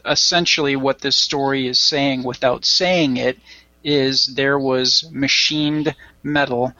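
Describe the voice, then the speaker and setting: A man co-hosting a casual podcast, telling a story in a rambling way with many pauses. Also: mid-range voice, fairly even intonation, pushed and bright, no echo, muffled recording. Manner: rambling storyteller, halting with fillers. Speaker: podcast co-host.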